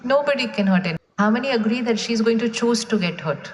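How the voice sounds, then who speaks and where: A woman's voice: fairly high pitch, fast talker. Woman, spiritual talk, questions the audience, echoey hall, faint background noise. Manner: questions the audience and waits for answers. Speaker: spiritual speaker.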